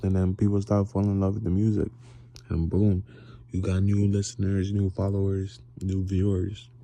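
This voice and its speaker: Sleepy man with a very dark voice. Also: low-pitched, flat delivery, moderate pace, gravelly, no room sound. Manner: rambling and drowsy, drifting into near-whispers. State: sleepy, yawning. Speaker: vlogger. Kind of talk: casual late-night monologue. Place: bedroom, lying in bed.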